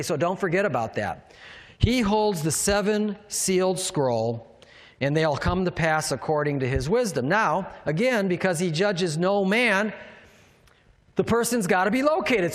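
Male pastor, high voice, emphatic sermon delivery, quizzes the congregation, hall reverb. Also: animated, measured pace. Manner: emphatic, asks the congregation questions.

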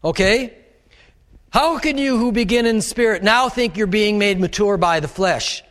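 Animated preacher with a high voice in an echoing hall. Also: male voice, measured pace. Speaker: pastor. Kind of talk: sermon. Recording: long reverb of a large hall.

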